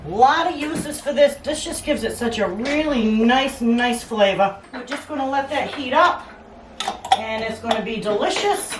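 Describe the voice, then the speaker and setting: A woman's voice: a little high, unhurried, background noise. A woman hosting a home cooking demonstration, chatting in a casual, joking way as she cooks. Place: home kitchen. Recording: echoey kitchen, mic at a distance, cooking clatter.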